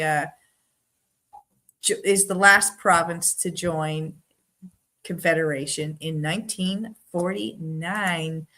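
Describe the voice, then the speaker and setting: A woman with a Newfoundland accent hosts a trivia game on a live stream, speaking in an unhurried, slow rhythm. Her voice sits a little low. She is chatty and giggly, teasing her viewers by name as she reads their answers. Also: bright, forceful tone. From Newfoundland, Canada.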